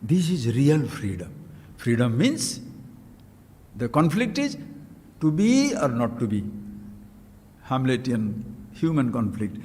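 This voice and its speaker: A man's voice: mid-range voice, wildly swooping pitch, takes it slowly, pauses often, a little mellow. A man giving a spiritual discourse as a teacher, emphatic and full of rhetorical questions. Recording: long hall reverb.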